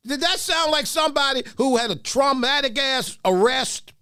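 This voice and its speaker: A man hosting a podcast, mocking video clips with loud laughter and comic commentary. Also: very high-pitched, moderate pace, dry recording, studio quality. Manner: mocking, laughs a lot, animated. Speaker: podcast host. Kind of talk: comedic commentary.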